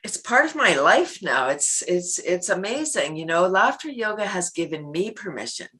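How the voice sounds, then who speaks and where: A middle-aged woman on a podcast speaks in a lowish voice that sounds pushed and bright, very animated but at normal speed. Her casual interview conversation is lively, with frequent laughter and acted-out everyday scenes.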